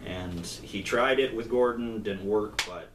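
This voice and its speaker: A man co-hosting a casual comic review, retelling the story in an animated way and acting out the characters' lines. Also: fairly low pitch, unhurried, crowd noise. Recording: roomy, distant mic with faint noise.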